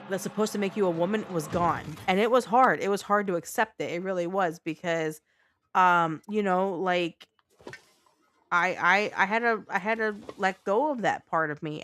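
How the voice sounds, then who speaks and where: A woman's voice: fairly low pitch, fairly bright tone, a little hiss or hum. A woman streaming a game live, talking blunt and unfiltered to her chat and swearing freely.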